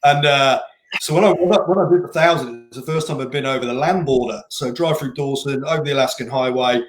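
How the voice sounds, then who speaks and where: A man's voice: mid-range voice, fast. Rambling male race director, roomy echo. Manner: rambling conversational storyteller. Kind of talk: casual interview chat. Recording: roomy echoing room.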